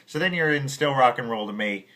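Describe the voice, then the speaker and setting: A man's voice: medium pitch, lively intonation, brisk. A man giving a casual piano lesson, rambling with many restarts and stopping to scat rhythms. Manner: rambling, many restarts, sings and scats examples. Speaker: piano teacher. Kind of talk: casual music tutorial.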